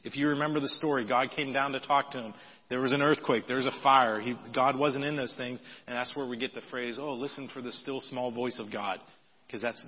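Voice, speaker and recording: A man preaching a sermon in a conversational style, reading scripture aloud with lively emphasis. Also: medium pitch, fairly quick, breathy edge. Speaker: pastor. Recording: dull audio with long hall reverb.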